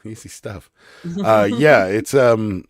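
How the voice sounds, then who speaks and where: A man co-hosting a casual live stream, hoarse from losing his voice, chuckling as he reads viewer comments aloud. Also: fairly low pitch, slow pace, no echo, clean studio sound. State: hoarse, voice mostly lost. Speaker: co-host of a live resale stream.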